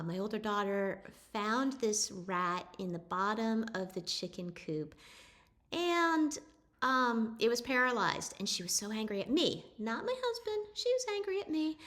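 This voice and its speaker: Chatty, higher-pitched woman telling a story. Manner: chatty, animated, with frequent restarts. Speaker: host telling an animal story. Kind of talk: casual storytelling.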